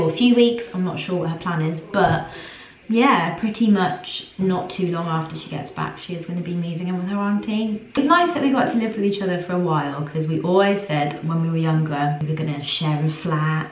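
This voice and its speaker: A young woman chatting casually in a weekly vlog, rambling with lots of "like", sometimes mumbling softly while she eats. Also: lowish voice, roomy sound, low-quality recording. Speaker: vlogger.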